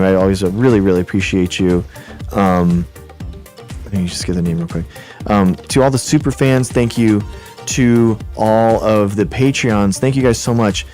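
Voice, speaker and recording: Low-voiced man thanking stream supporters. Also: a little mellow. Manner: rambling, apologetic, thanking supporters. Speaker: host. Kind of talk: casual livestream sign-off.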